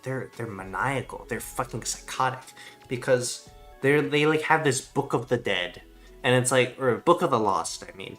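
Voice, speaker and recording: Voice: medium pitch, fairly bright tone. A streamer chatting casually while gaming, ranting in a rambling, profane way.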